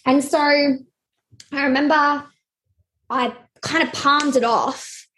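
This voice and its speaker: A young adult woman telling a personal story in an interview, hesitant and halting with many fillers. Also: high voice, fairly even intonation, pushed and bright.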